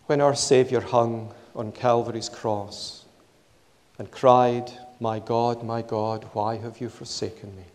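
A man preaching a sermon in a measured, emphatic way, repeating his key phrases. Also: medium pitch, fairly even intonation, a little mellow, in a large hall.

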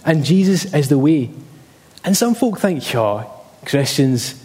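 A man's voice: on the high side, animated, moderate pace, mellow, long reverb tail. A man preaching a sermon emphatically, repeating key phrases and telling personal stories.

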